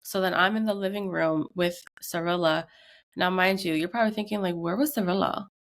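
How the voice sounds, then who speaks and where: Brisk and fairly low in pitch, this woman in her thirties co-hosts a podcast and shares a tense family story in casual chat. She retells it with energy, acting out each quote.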